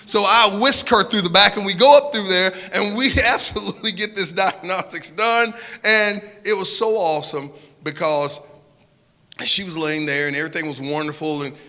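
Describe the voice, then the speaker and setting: A man with a Southern US accent telling a personal story to an audience in an earnest way, often repeating and restarting phrases, moving between hushed and loud. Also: sits high, fairly even intonation, normal speed, big-room sound. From Southern United States.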